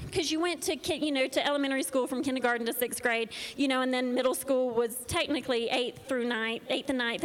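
Woman preacher with a high voice, emphatic storytelling sermon. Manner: storytelling, repetitive emphatic phrasing. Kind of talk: sermon with personal testimony.

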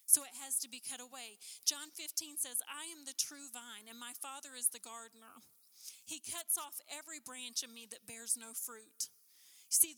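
A woman preaching a sermon, rising to impassioned questions and dropping to hushed emphasis. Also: sits high. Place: chapel. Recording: chapel with long reverb.

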